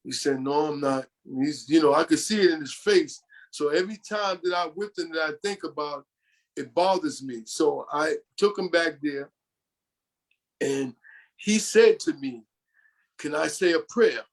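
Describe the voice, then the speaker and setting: A man's voice: on the high side, unhurried. Older New York man telling stories. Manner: rambling, often quoting others. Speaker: podcast guest. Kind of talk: storytelling in an interview.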